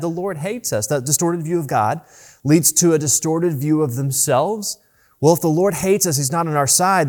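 A man preaching a sermon as pastor, rising and slowing down to stress the scripture he reads. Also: on the high side, a little mellow. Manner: earnest preaching, rises and slows to stress scripture. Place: church.

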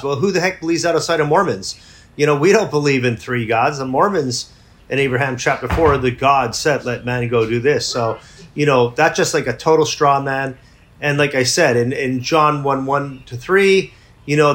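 A man's voice: medium pitch, a bit bright. Blunt man calling out a straw man. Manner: blunt, emphatic, dismissive asides. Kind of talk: casual Bible discussion.

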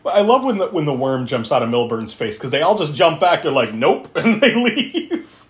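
A man talking through a movie plot with a lively, swooping voice. He laughs easily, swears freely and slips into quick character voices as he retells scenes. The talk is casual and loose among friends. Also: a little high. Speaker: podcast host. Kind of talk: casual movie recap chat.

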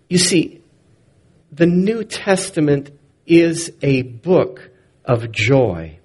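A man delivering a sermon in an unhurried, deliberate way. His fairly high voice moves through a wide, lively range as he leans into key words and then drops low and quiet for emphasis. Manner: expressive, swings loud and soft for emphasis. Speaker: preacher.

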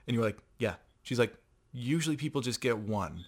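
A man hosting a casual chat, relaxed and teasing, laughing along. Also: mid-range voice, brisk.

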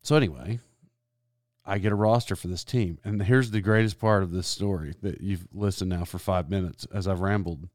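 A man's voice: sits low, normal speed, a little mellow, dry recording. A sports announcer telling a long rambling story in a casual, self-deprecating way, laughing as he goes.

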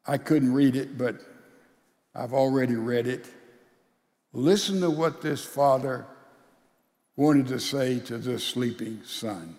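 Slow, tender male preacher in a reverberant hall. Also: mid-range voice. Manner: slow, tender, emotional reading that sinks to hushed tones. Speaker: pastor. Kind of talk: sermon, reading a letter aloud. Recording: long reverb of a large hall.

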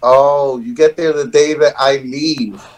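A man chats in a relaxed, slangy way on a casual call. His voice sits at an ordinary middle pitch and he sounds easygoing and agreeable. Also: measured pace, poor audio. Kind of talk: casual video-call conversation.

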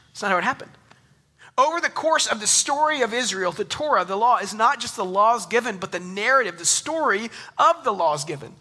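A man in his thirties preaching a sermon in an animated, conversational way, joking with the congregation. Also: high voice, fairly quick. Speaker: pastor. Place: church in Texas.

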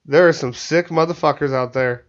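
A man with a voice on the high side hosts a podcast in a studio, chatting casually at normal speed, rambling, swearing, and stammering through many restarts. The audio is muffled and lo-fi.

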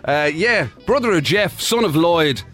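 A man's voice: a little high, lively intonation, a little slow, a bit bright, faint music behind. A man co-hosting a show, quizzing his partner in casual joking chat. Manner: jokey, quizzing his co-host. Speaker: radio co-host.

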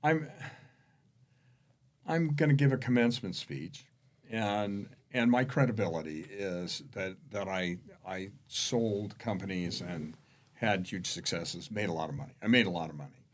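A man, a real estate executive, telling anecdotes as a podcast guest, shifting between hushed and emphatic delivery. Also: low-pitched, a little slow. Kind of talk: conversational storytelling.

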